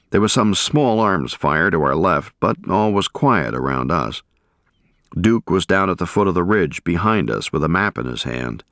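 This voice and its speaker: A man narrating a first-person war memoir in a measured, grave storytelling manner. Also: low-pitched, fairly bright tone, dry recording, clean studio sound. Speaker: audiobook narrator.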